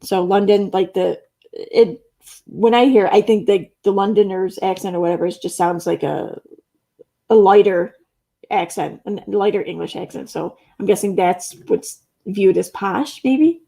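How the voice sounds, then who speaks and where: A woman's voice: mid-range voice, a little slow, gravelly, mellow. A woman hosting a casual livestream, rambling and reading chat comments aloud, with the odd curse word. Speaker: livestream host.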